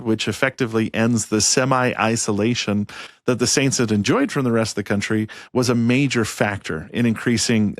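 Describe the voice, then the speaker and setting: A man's voice: medium pitch, no echo, clean studio sound. A man co-hosting a history podcast, explaining events casually and laughing easily. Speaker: podcast co-host.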